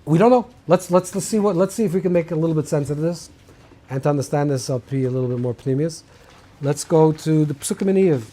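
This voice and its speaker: A man's voice: fairly high pitch, quick pace, dark tone. A man teaching a rabbinical class in an informal lecture style, thinking aloud with many restarts and mixing Hebrew terms into English.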